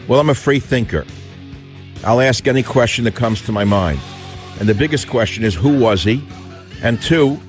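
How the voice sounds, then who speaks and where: A man hosting a radio talk show, combative and indignant, firing off rhetorical questions. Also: mid-range voice. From United States.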